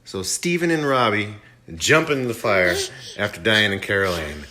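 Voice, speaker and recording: A man casually recapping a film play by play, animated, slipping into mock voices for the characters. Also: on the low side, moderate pace, a crowd in the background. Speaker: movie reviewer.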